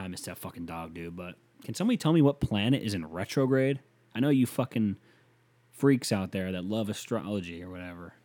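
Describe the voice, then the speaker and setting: A man with a mellow, somewhat low voice hosts a solo podcast, working through listener email. He rambles and swears freely. He swings between loud ranting and quiet, muttered asides. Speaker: podcast host.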